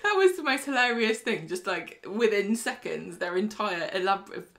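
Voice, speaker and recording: A woman co-hosting a soap podcast, recapping the week in loose, chatty fashion. She laughs often and slips into quick acted-out quotes from the characters. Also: medium pitch, lively intonation. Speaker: podcast co-host. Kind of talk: casual chat recapping a soap episode.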